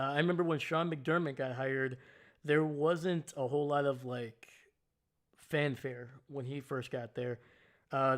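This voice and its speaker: On a casual football livestream, a talkative male host rambles and chats live with his viewers. He hails the chat loudly, his voice leaping in pitch.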